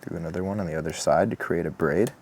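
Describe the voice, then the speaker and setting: A man talking through a woodcarving tutorial outdoors in a relaxed, chatty way, with asides. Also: low voice, quick pace, slight background noise. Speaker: woodcarving instructor. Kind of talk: step-by-step tutorial narration. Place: outdoors in the morning.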